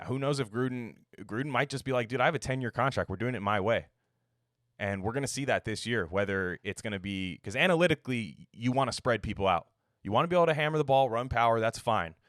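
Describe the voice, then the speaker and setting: A young man with a low voice talks through football in a loose, rambling monologue, full of swearing and jokes, now and then acting out what a coach might say. He is recorded close and dry, with no room sound. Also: a bit bright, no echo. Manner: rambling, profane, jokey, acts out quotes. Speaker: sports podcast host. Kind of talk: casual sports commentary monologue.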